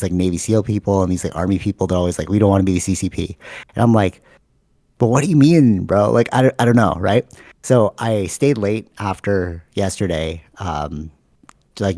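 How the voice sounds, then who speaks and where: A man with a low, mellow voice and a Canadian accent, chatting casually on a podcast. He tells his stories with animated energy and fills them with "like" and "you know." The sound is dry, as if close to the mic. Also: no room sound. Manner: animated storytelling, many fillers. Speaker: podcast host. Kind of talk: casual chat.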